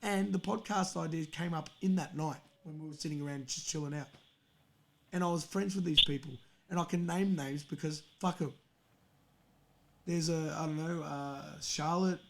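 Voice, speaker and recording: A man's voice: fairly high pitch, a bit bright, slight background noise. A young man hosting a podcast, telling a story in a heated, profane casual rant. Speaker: podcast host. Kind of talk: angry casual rant on a stream.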